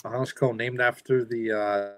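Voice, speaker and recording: A man's voice: medium pitch, fairly even intonation, unhurried, no room sound. A French Canadian man co-hosting a casual livestream, rambling and hesitant with many fillers. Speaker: co-host.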